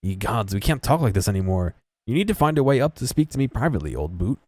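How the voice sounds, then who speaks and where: A man's voice: low voice, big pitch swings, moderate pace, warm tone, slightly rough, no room sound, studio quality, voice pushed down, exaggerated voice. A man playing a pompous posh old bearded gent. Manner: posh old-fashioned speech, fussy.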